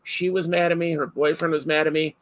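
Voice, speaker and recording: A man hosting a casual chat, telling stories in an animated way and laughing often. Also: on the high side, brisk, no room sound, low-quality recording.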